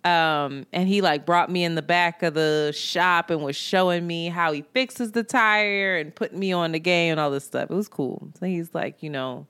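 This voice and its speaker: Woman co-host, casual chatty storyteller, animated, quotes people in voices. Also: on the low side, moderate pace, few pauses, smooth. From New York. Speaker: podcast co-host.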